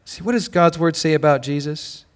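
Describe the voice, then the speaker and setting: In a reverberant church hall, a man with a somewhat high voice delivers a sermon at a moderate pace. He preaches like a pastor chatting casually, telling stories and performing snippets of dialogue.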